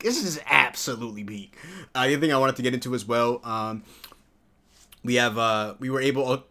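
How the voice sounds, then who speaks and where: A man in his early twenties giving a casual, excitable video review, full of slang and sudden high-pitched exclamations. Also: fairly quick. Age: early 20s. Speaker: TV show reviewer.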